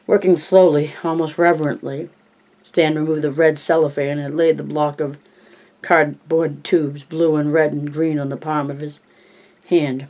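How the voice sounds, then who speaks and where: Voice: mid-range voice, little pitch movement, unhurried, a little mellow. An amateur audiobook reader narrating plainly, with coughs, stumbles and self-corrections.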